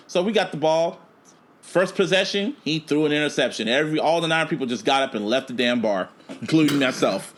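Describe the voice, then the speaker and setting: A man co-hosting a casual podcast, telling a story in an animated, profane way. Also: on the high side, a little fast. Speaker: podcast co-host. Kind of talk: casual chat.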